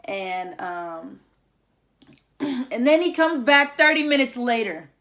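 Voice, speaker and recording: A woman's voice: fairly high pitch, slow pace. A young woman vlogger telling a story in a chatty, slangy way, full of "like" and acted-out lines. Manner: animated, acts out others' lines. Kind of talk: casual storytelling.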